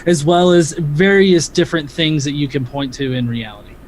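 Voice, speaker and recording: A man debating on a live stream, halting and restarting, then snapping back with sarcasm. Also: fairly high pitch, a little mellow. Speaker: debate guest.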